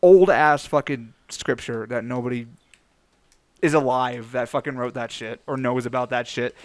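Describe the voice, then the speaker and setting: A man's voice: mid-range voice, steady tone, moderate pace, dry recording. A man in casual chat about a video game, blunt and swearing freely. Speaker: game discussion panelist.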